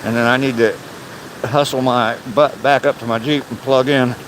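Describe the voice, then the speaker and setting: In a medium-pitched voice with fairly even intonation and normal speed, an older livestreaming vlogger chats loosely while descending a rocky trail by a forest waterfall. He swears now and then, and background noise comes through.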